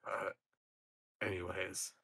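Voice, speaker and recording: A weary male orc gambler, dry and resigned, as a man puts him on at the game table. He drawls his lines in an offhand way, in a voice that sits on the low side. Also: flat delivery, takes it slowly, creaky, sharp tone, husky, full character voice. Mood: wry.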